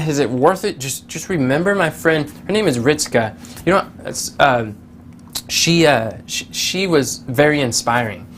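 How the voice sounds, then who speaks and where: A man giving a casual motivational talk, telling stories with lively quoted voices and many fillers and restarts. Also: on the high side, slight background noise. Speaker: motivational speaker.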